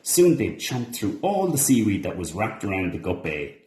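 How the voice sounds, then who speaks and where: Read-along narrator: man, expressive and animated, recorded in a reverberant room. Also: fairly low pitch, moderate pace. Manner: expressive, animated character voices. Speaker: storybook reader.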